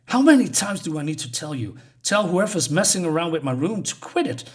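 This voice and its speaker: A man's voice: on the high side, big pitch swings, a little fast, slightly rough. An impatient motel clerk brushes off complaints, read by a man reviewing a comic. The voice stays close to the reader's own. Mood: annoyed.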